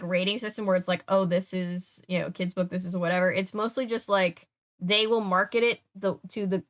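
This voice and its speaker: A woman's voice: mid-range voice, a bit bright. Chatty young woman streamer, filler-heavy. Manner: chatty, many filler words, talks to chat. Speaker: live-stream host reading a book aloud. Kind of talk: casual live-stream chat.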